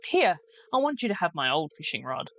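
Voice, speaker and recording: A woman's voice: lowish voice, big pitch swings, fairly quick, fairly bright tone. A woman reading as a folksy old fisherman. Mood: friendly. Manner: easygoing, homespun sayings. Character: gruff old male fisherman, friendly and folksy.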